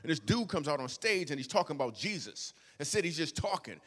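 A young man from Michigan performs a stand-up comedy story with playful, animated energy, dropping to quiet asides and then rising into loud outbursts. His voice sits a little higher than most men's. A long reverb trails his words, as if he is heard across a big hall. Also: fairly quick.

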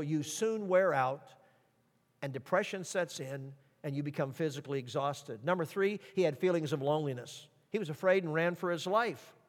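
A middle-aged man preaching a sermon as pastor, reading scripture aloud in a lively, emphatic way. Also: a little high, long reverb tail.

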